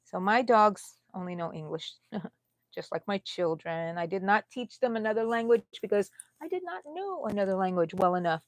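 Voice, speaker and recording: A woman's voice: medium pitch, lively intonation, normal speed, dry recording. A middle-aged woman from the United States chatting casually on a crochet live stream, laughing often and talking to viewers by name. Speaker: crochet vlogger.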